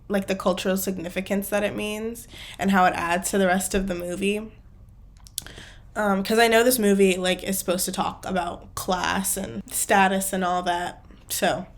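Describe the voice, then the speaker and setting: A woman hosting a casual movie reaction, chatty and full of fillers, laughing often. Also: medium pitch. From not British.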